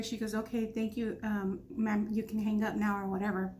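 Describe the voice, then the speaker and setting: A woman's voice: medium pitch, little pitch movement, brisk, dark tone, a little hiss or hum. A woman vlogger earnestly retelling a frightening night, acting out the dialogue with many restarts. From Texas. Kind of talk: storytime vlog.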